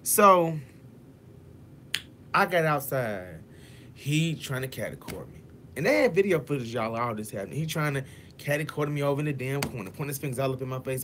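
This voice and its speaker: A man recounts a story for his viewers in a lively, a-little-fast delivery, his medium-pitched voice fairly bright. Profane and dramatic, he addresses them as "y'all" and performs everyone's quotes in changing voices. It's an animated storytime vlog with slight hiss or hum.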